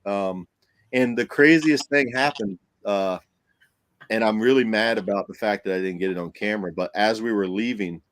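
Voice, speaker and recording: A man, a paranormal investigator, telling a story on a podcast in a casual, animated way, acting out what people said and laughing often. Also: on the low side, normal speed, no room sound.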